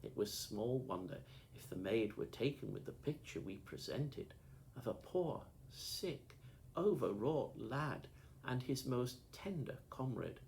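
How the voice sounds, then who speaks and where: A man narrating an audiobook with lively, expressive storytelling, over a faint background hiss. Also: medium pitch, unhurried, gravelly, rough recording. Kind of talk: audiobook reading.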